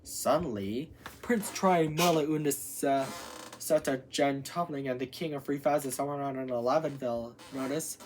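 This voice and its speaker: A woman hosting her channel, reading a parody fairy tale aloud with lively storytelling, stumbling over long names. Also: extremely low pitch, normal speed, slight background noise.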